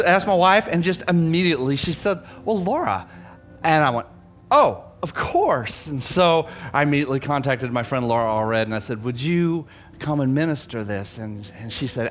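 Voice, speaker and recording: A man pastoring a church, energetically leading his congregation from the platform before introducing a guest speaker. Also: a little high. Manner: energetic, rallies the congregation to read aloud.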